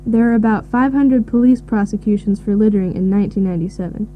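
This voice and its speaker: A woman giving measured, informative answers in a scripted listening recording. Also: mid-range voice. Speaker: expert answering questions. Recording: tinny phone-like audio with faint hiss.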